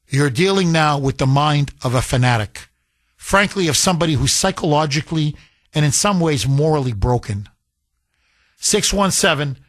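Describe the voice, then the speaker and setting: A man's voice: a little high, fairly bright tone, dry recording. A man hosting a talk radio show, delivering a heated, scornful monologue with emphatic repetition into a studio microphone.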